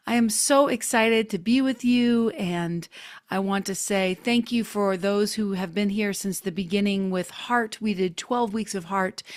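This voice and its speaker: A woman's voice: medium pitch, no echo, clean studio sound. A woman hosting an online creativity workshop over a video call, talking in an enthusiastic, playful way. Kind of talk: playful online group session.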